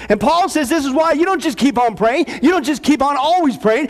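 High-voiced preaching man. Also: brisk, few pauses. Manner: energetic, rhetorical questions, preaching with humor. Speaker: pastor. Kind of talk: sermon.

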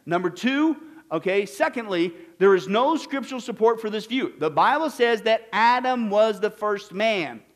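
Male preacher, high voice, emphatic Bible teaching with questions to the crowd. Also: animated, normal speed. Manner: emphatic, asks the audience questions. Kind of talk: sermon-style Bible teaching.

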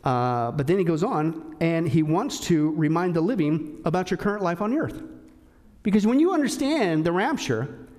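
A man with a high-pitched voice preaches a sermon. He keeps asking his listeners rhetorical questions and stresses his points hard. He drops to a hushed tone for the serious lines. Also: expressive, moderate pace. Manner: emphatic, rhetorical questions, swings between loud and hushed. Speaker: pastor.

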